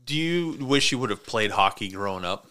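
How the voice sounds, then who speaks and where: A man's voice: lowish voice, lively intonation, a little fast, pushed and bright, clear, resonant tone. A man hosting a casual podcast from a small studio, joking and swearing freely as he rambles through stories. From Montana. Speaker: podcast host. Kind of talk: casual chat.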